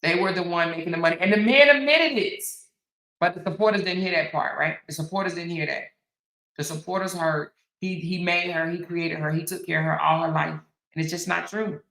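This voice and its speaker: A woman hosts an opinionated commentary monologue, speaking emphatically and repeating her points. She keeps checking in with the listener. Her voice is bright and sounds roomy, with a noticeable echo. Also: on the low side, level tone, fairly quick, creaky. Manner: emphatic, repeats phrases, frequent "right?". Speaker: commentary host.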